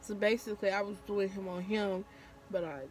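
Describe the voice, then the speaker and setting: A woman's voice: mid-range voice, flat delivery, moderate pace, a little mellow, faint music behind. Woman with vlogging a breakup story, profane and candid. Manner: candid, profane, acts out quotes. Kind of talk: casual storytime vlog.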